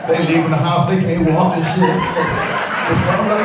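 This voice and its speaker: Comedian guy telling stories onstage, kinda high voice, mic a bit far off, noisy live room. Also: moderate pace. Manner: animated storytelling, loud jumps for quoted bits, frequent "you know what I'm saying". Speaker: stand-up comedian. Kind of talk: stand-up comedy set. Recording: roomy live club sound, mic heard from a distance. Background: audience laughter and crowd noise.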